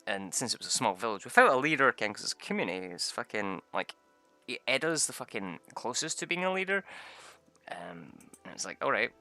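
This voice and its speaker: Rambling young man, gravelly. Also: mid-range voice, very animated, brisk, bright, forceful tone. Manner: rambling, swearing, laughing often. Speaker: gamer telling tabletop game stories. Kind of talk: casual chat.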